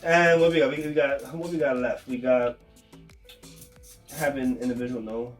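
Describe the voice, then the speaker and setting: A man's voice: medium pitch, steady tone, moderate pace, faint music behind. A man chatting loosely with his girlfriend in a couple vlog, slangy and full of swearing. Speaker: vlog co-host, boyfriend. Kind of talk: casual couple chat.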